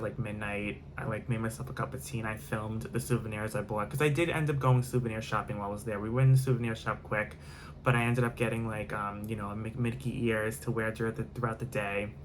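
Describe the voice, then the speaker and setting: A man's voice: fairly low pitch, a bit bright, a little hiss or hum. A man telling a storytime vlog in a rambling way, full of fillers and repetition, with casual swearing. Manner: rambling, filler-heavy, repeats himself, swears. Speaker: vlogger.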